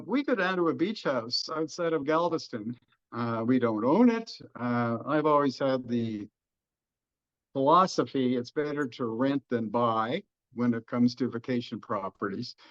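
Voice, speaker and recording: A man's voice: mid-range voice, fairly bright tone. A middle-aged man with a Texan accent, an economist explaining markets in a folksy, joking way during a webinar discussion. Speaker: economist guest. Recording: dull lo-fi webinar audio.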